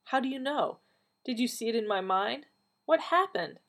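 A woman voicing Donna, a blunt, feisty woman who talks teasingly and exclaims, a little higher and louder than her narration, with a husky tone. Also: animated, moderate pace.

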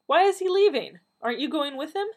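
A woman's voice: a little high, sing-song, normal speed, pitched above the performer's own voice. A woman voicing an anxious, caring elderly grandfather in a storybook reading. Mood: worried. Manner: worried, pleading.

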